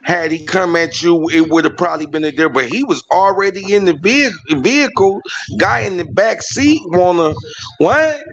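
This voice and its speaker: High-voiced man chiming in. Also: brisk. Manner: chimes in with short agreeing remarks. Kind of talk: casual chat. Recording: dull lo-fi audio with faint noise.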